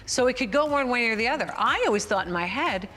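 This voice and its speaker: A woman's voice: fairly high pitch, lively intonation, quick pace, a bit bright, faint music behind. A woman hosting a casual interview, full of playful, teasing banter. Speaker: host.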